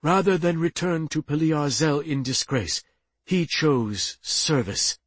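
A man doing a slow, sorrowful alien adjutant. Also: on the high side, animated, no echo. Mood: sad. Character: sad, battered male alien adjutant.

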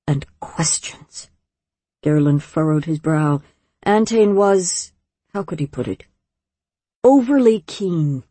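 A woman reading a fantasy novel aloud in measured, wryly storytelling audiobook narration. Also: on the low side, darkish tone, slightly rough, no echo.

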